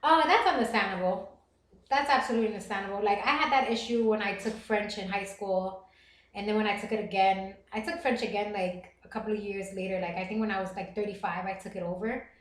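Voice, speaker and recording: Fast-talking Bronx Puerto Rican woman. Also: mid-range voice, fairly even intonation, roomy sound. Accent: Puerto Rican Bronx New York. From the Bronx, New York. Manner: fast-talking, chatty and reassuring. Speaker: livestream host. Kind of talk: casual chat reading viewer comments.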